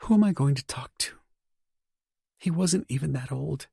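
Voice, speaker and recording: A man voicing a tearful, grieving pregnant young woman in an audiobook, raising his voice softly. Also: animated, moderate pace, creaky, breathy edge, no echo, clean studio sound, heavily acted. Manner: soft, higher put-on voice.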